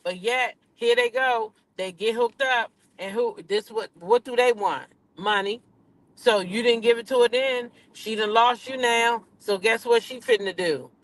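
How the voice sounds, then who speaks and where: A woman's voice: on the high side, unhurried. Sassy woman ranting on gossip. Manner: sassy, emphatic, repeats her points. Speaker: commentary channel host. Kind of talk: casual gossip commentary rant.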